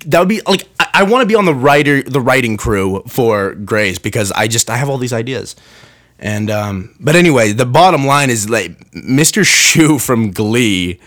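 A young man talks on his own podcast in a loose, rambling way. He keeps stopping and restarting his sentences. His pitch stays mid-range but swings a lot as he gets worked up. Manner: rambling, self-interrupting, animated. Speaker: podcast host. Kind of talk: casual solo podcast rant.

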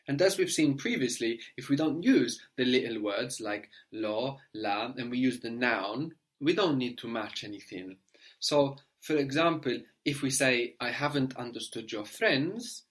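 With a mid-range voice, a man teaches a language, breaking explanations into patient steps. He regularly confirms understanding with a short "no?".

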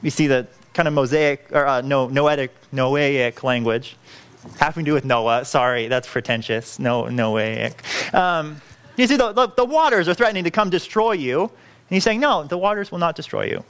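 This pastor has a smooth, mid-range voice with a slightly bright quality and a moderate pace. Working through a passage of scripture in his sermon, he pleads earnestly and keeps breaking off to restart his sentences.

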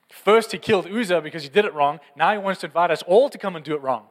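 Young guy preaching, high voice, big hall echo, all fired up telling stories. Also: fast talker, hardly any pauses. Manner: animated storytelling, conversational and fervent. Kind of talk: sermon. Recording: long hall reverb.

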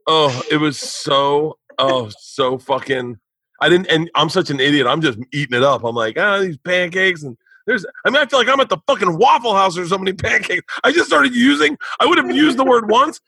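A man, a comedian, spins a profane anecdote in loose podcast conversation. His voice is bright and a little husky, and he sits fairly high for a man. The sound is dry and close. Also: brisk, dry recording, rough recording. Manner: animated, profane, laughing storyteller. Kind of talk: casual podcast storytelling.

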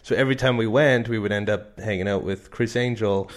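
A man from Canada, a comedian, telling a long, animated story in a casual interview, laughing often and acting out what people said. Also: on the low side, brisk. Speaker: comedian guest.

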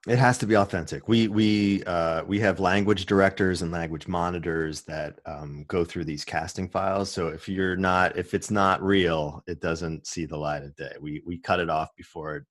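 A man who works as a commercial producer and voice-over artist, explaining his work in a relaxed, casual interview. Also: low voice, normal speed, few pauses, no echo. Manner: relaxed, explanatory, many restarts.

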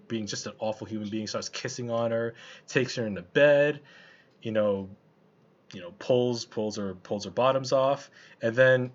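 A man chatting casually about a film he saw, loose and colloquial, with lots of restarts and fillers. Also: medium pitch. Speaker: film reviewer. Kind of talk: casual film review chat. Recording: slightly muffled lo-fi recording.

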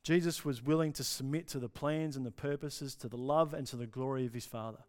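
A male pastor preaching a sermon with passion, dropping to soft pauses for emphasis. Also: mid-range voice. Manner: impassioned, with dramatic pauses and drops to near-whisper.

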